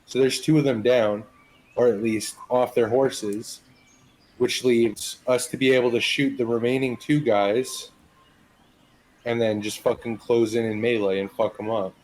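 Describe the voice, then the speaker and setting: A man's voice: medium pitch, unhurried, low-quality recording. Dude at a tabletop game talking out his plan, swearing a lot, worked up. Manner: excited, swears, plans aloud. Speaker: player. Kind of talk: casual tabletop game chat.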